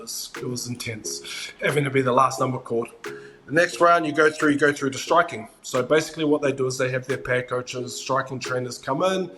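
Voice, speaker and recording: A man with a New Zealand accent, an interviewed fighter recounting his story in a casual, lively way and acting out the exchanges he describes. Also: mid-range voice. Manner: lively retelling, acts out quoted exchanges. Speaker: interviewee, mixed martial arts fighter. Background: music.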